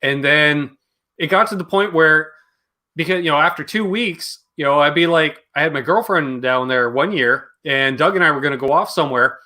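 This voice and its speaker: A man's voice: fairly high pitch, moderate pace, sharp tone. A man from Canada hosting a casual livestream, joking and greeting viewers from the chat by name. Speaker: livestream host.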